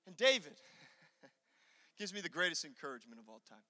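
A man with a high, very bright voice preaches to his congregation, emphatic and urging. He swings from loud calls to quiet, intense stretches. His voice rings out with a long reverb in a church sanctuary. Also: sing-song, normal speed, long pauses. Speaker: pastor. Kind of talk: sermon.

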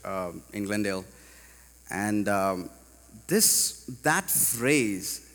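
A man from India preaching a sermon to a congregation, animated and rising to loud emphatic peaks. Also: on the low side, big-room sound. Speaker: pastor. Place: large church hall.

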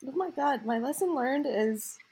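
A woman's voice: sits high, animated, normal speed, darkish tone, slightly rough. A woman co-hosting a podcast, talking casually and emotionally, gushing with gratitude. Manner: gushing, emotional, a bit teary. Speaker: podcast co-host.

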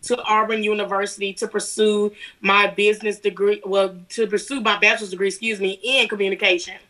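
Bright-voiced Southern woman. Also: medium pitch, a little fast, rough recording. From Alabama. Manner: lively, laughing storyteller. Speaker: guest. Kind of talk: casual interview chat.

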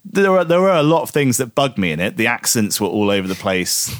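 A man from Guernsey talks his way through a film review, rambling and restarting his sentences. His voice sits at an ordinary pitch, and the recording is dry and close. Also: big pitch swings, brisk, dry recording. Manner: rambling, hesitant, many restarts. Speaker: podcast co-host. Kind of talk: casual chat, film review.

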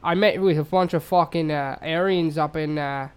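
A man putting on a New Zealand accent to play a crude male prime minister, loud and swaggering. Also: on the high side, fairly even intonation, normal speed, clean tone, natural voice. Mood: crude boasting. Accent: put-on New Zealand.

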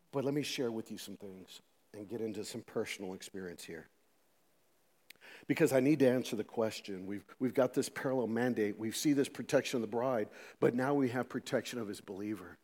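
A middle-aged man preaching a sermon as pastor, animated, swinging between loud emphasis and quiet asides, with many rhetorical questions. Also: fairly low pitch, brisk. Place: church sanctuary. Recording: long reverb of a church hall.

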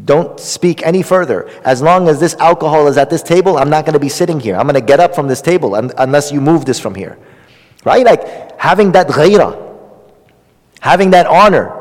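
A man's voice: on the high side, darkish tone. Earnest man preaching in a reverberant hall. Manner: earnest, repetitive, frequent restarts and fillers, Arabic terms woven in. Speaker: imam. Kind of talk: Islamic lecture.

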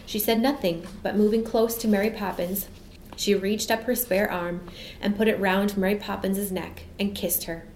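A woman reading a storybook aloud in a gentle, expressive way. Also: mid-range voice, normal speed. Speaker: narrator. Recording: echoey room, faint hum.

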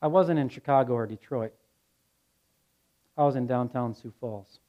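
A man's voice: medium pitch, normal speed. A male pastor preaching a sermon, blunt and earnest, telling stories in a conversational way. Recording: dull lo-fi sound.

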